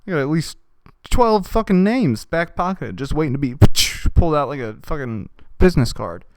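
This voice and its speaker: A man's voice: on the high side, lively intonation, moderate pace, darkish tone, dry recording. A young man hosting a podcast, riffing profanely in a rambling comedic monologue and putting on voices for the people he quotes. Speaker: podcast host.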